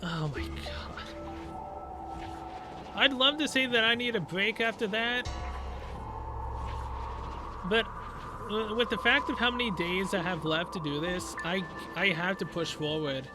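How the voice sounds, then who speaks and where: A man's voice: high voice, a little slow, long pauses. A young man doing let's play commentary, ranting in exasperation and mocking a puzzle sarcastically. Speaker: gamer playing through a story game. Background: game music.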